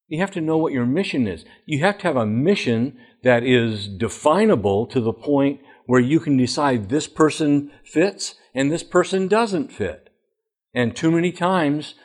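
A middle-aged man, a former school principal, giving a plain-spoken presentation full of emphatic anecdotes. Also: mid-range voice.

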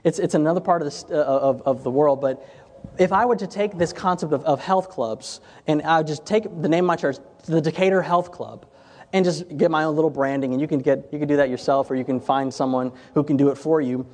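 A man's voice: on the high side, fairly quick, darkish tone. A man giving an informal health ministry talk to a group, telling stories in a conversational way and often repeating and restarting phrases. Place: room with chairs before a group. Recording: long hall reverb.

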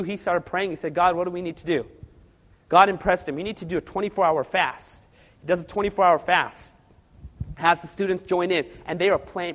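High-voiced preacher telling a story. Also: male voice. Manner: animated, acts out the quotes in his story. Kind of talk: sermon storytelling. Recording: long hall reverb.

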